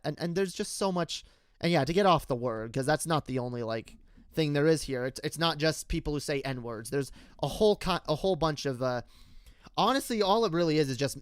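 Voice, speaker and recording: A young man with a higher-pitched voice that comes across smooth and resonant, recorded close and dry. He rants in an unscripted, heated way, swearing often and circling back through restarts as he argues with his viewers. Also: expressive, fairly quick, dry recording. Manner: heated, profane, rambling with restarts; argumentative, addresses viewers directly. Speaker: political commentator. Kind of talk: unscripted rant-style commentary.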